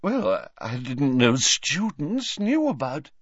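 A man voicing an eccentric older woman seer with a shrill, slow, drawn-out way of speaking. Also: big pitch swings, breathy edge, no echo, heavily acted. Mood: theatrical. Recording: dry, dull lo-fi.

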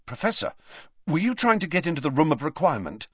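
A man voicing an earnest teenage schoolboy who asks eager, quick questions. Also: fairly high pitch, big pitch swings, husky, dry recording, voice pushed up. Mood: urgent. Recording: dry, dull lo-fi.

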